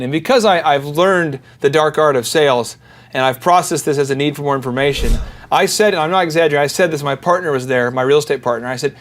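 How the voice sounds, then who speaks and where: A man's voice: on the high side, fast, noisy background. A man hosting a business podcast, telling sales stories in casual chat and acting out the people he quotes. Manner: animated storyteller, acts out quoted callers. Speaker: podcast host.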